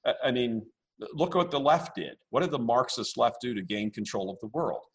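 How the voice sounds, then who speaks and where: A man speaking as a podcast guest, blunt and forceful, repeating himself as he rambles. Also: medium pitch, expressive, brisk, husky. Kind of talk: casual interview.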